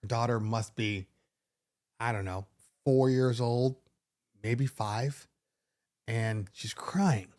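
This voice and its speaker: A middle-aged man hosting a DJ podcast, talking casually in an animated, sarcastic way with many restarts. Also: mid-range voice, takes it slowly, long pauses. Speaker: DJ podcast host. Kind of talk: casual monologue.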